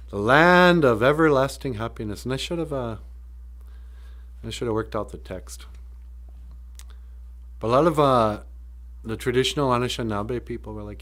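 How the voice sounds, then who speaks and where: A man's voice: mid-range voice, normal speed, long pauses, fairly bright tone. A man teaching a language on a livestream in a casual, joking way, laughing often.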